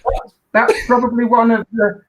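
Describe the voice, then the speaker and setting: A man, an undertaker interviewed as a guest, telling his stories in an animated way. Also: very high voice, normal speed, background noise. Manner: animated anecdotal storyteller. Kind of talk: storytelling in an interview.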